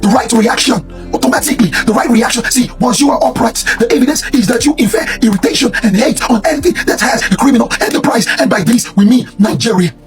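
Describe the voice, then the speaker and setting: A hoarse man with a strikingly high, strained voice delivers a preachy, repetitive rant as reaction commentary. Music plays clearly underneath him. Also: expressive, quick pace, hardly any pauses. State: hoarse, lost voice.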